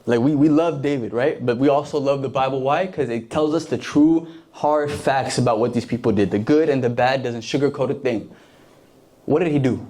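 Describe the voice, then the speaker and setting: Slangy, animated young male preacher. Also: medium pitch, moderate pace. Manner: slangy and conversational, acts out the story characters. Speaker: youth preacher. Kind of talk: casual sermon.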